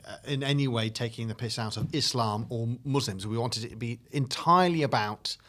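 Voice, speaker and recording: Male comedian, animated storyteller, relaxed podcast guest. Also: medium pitch, brisk. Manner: rambling, animated storyteller with fillers. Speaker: comedy duo member, guest. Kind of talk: casual podcast chat.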